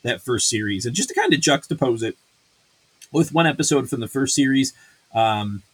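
Male podcast host, husky voice, profane and ranting, loose filler-heavy delivery. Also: medium pitch, big pitch swings, normal speed, no echo. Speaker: podcast host reviewing a series. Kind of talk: casual review chat.

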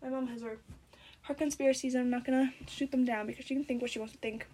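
Teenage girl vlogger with a high voice, chatty and sarcastic, telling stories while chewing gum. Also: fast, slightly rough. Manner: rambling, sarcastic, animated storytelling. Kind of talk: casual chat.

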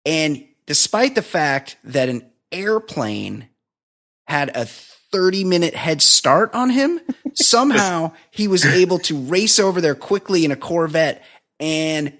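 A man's voice: on the high side, animated, slow, a bit bright. A man hosting a casual podcast, recapping a film's plot in a rambling way, laughing often and acting out quoted lines. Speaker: podcast host. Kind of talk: casual movie review chat.

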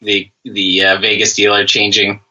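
A man's voice: fairly low pitch, completely flat delivery, normal speed, bright, forceful tone, highs cut off. A man co-hosting a podcast, cutting in with joking questions in casual chat. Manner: wisecracking, jumps in with joking questions. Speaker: podcast co-host.

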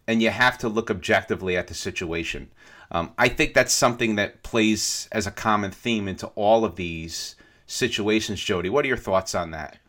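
A man's voice: fairly low pitch, moderate pace, a bit bright. A man co-hosting a podcast, talking things through casually and often checking in with "right?". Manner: thoughtful, keeps asking "right?". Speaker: podcast co-host.

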